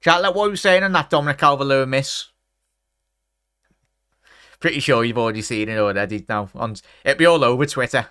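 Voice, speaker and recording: Scouse streamer in his thirties, smooth voice, dry close mic, chatty football reactions. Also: medium pitch, brisk, pauses often, no echo. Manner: chatty, bursts into excited shouts at chances; talks straight to his chat. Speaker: watchalong streamer. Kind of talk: live football watchalong commentary.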